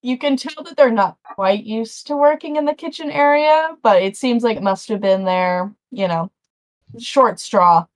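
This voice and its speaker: A woman's voice: on the high side, measured pace. A woman narrating a tabletop game as game master, chatty and rambling with frequent restarts.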